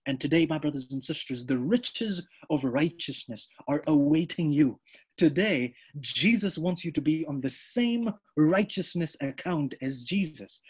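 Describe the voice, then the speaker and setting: A man preaching with rising fervor, his voice fairly high for a man and husky at the edges. He repeats key lines and keeps turning to the congregation as friends. The recording is dull and lo-fi. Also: darkish tone. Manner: fervent, repeats lines, addresses listeners as friends. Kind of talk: sermon.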